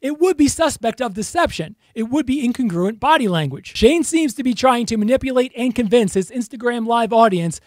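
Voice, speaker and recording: A man's voice: very high-pitched, animated, brisk, few pauses, no echo, studio quality. A man narrating analytical commentary over video clips, with a pointed, accusing tone. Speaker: body language commentator.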